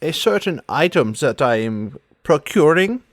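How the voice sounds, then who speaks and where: A man's voice: a little high, sing-song, unhurried, no echo, studio quality. A man voicing a sly, flirtatious woman who teases and dodges questions, in a tabletop role-play. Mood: coy. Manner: playful, mock-sultry, calls others darling. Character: sly flirtatious adult woman, teasing and evasive.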